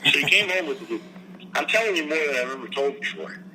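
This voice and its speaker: Older man with a very bright, rambling voice. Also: on the high side, expressive, quick pace, slight background noise, rough recording. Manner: meandering, frequent fillers and restarts, clears throat. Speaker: guest entertainer. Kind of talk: rambling casual interview answers.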